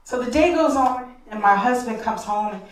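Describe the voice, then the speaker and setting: A woman's voice: fairly high pitch, normal speed. Heartfelt woman storyteller in an echoey hall. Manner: heartfelt, addresses the audience directly. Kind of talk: live personal storytelling. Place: stage in a hall. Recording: echoey hall, distant mic.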